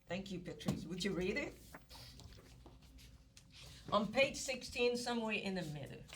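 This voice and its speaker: A woman instructor gives an economics lecture in a classroom, animated and repeating key words as she coaxes her students along. Her voice is medium-pitched and a little slow, and the recording is distant with background noise.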